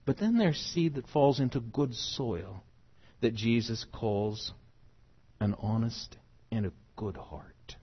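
A middle-aged man from the United States preaching a sermon, emphatic, swinging from soft to loud. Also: mid-range voice, animated, takes it slowly, husky, lo-fi sound.

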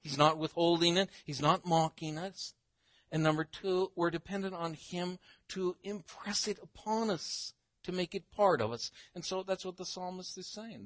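An older man preaching a Bible-teaching sermon, emphatic, slowing down to read scripture aloud. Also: a little high, a bit bright, dry recording.

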